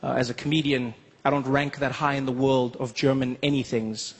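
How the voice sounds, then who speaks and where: A man from South Africa performing a lively stand-up comedy set, telling stories and slipping into voices. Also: mid-range voice, fairly quick, long reverb tail. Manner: animated, storytelling, lots of voices.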